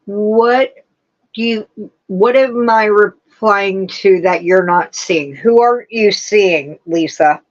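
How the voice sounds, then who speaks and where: A woman's voice: medium pitch, slow pace, muffled recording. A woman hosting a casual livestream, chatting and answering her viewers' comments one by one. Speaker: livestream host. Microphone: streaming setup with laptop.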